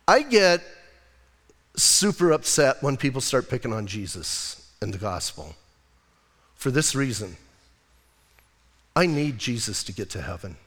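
A man's voice: medium pitch, a bit bright. An older man, a pastor, preaching a sermon in a conversational way with rhetorical asides. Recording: long hall reverb.

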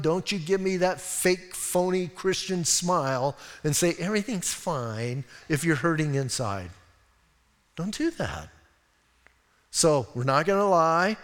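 Older man, pastor mid-sermon, folksy and animated, slightly high voice, reverberant sanctuary. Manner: folksy storytelling, animated asides. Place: church sanctuary.

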